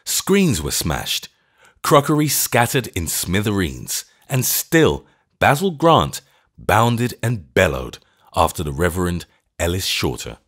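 A man with a low voice narrates an audiobook with lively, animated intonation. His delivery is measured and storytelling. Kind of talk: scripted narration.

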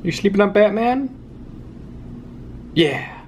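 A man vlogging from his living room, swinging between relaxed chatter to viewers and a lilting, animated voice for his dog. His middle-pitched voice moves widely up and down. Faint household noise sits behind him. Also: takes it slowly. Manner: coos at his puppy in a higher, sing-song voice. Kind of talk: casual home vlog.

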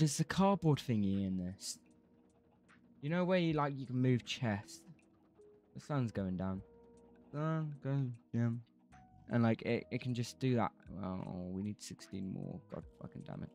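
A man drawls through his gameplay in casual, unhurried chat. He drifts between topics, swears freely and half-sings snatches of songs, with faint music playing underneath. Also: lowish voice, a little mellow. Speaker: streamer.

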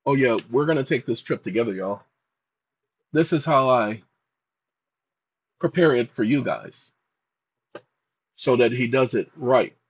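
A man's voice: mid-range voice, unhurried, pauses often, breathy edge, dry recording. A man walking viewers through a casual screen-share tutorial, dictating prompts aloud in an emphatic, scolding way. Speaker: channel host.

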